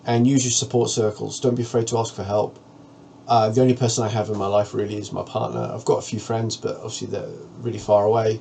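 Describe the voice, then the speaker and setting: A man's voice: lowish voice, gravelly, a little mellow, a little hiss or hum. A man vlogging, talking frankly and earnestly to the camera about a personal ordeal in a plain-spoken way. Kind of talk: candid personal monologue to camera.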